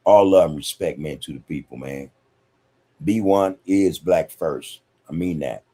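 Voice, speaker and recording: A man's voice: deep voice, moderate pace, dark tone, husky. A man hosts a casual livestream podcast. He reads viewer comments in a laid-back way. He laughs often and peppers his talk with "man.". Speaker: podcast host reading live chat.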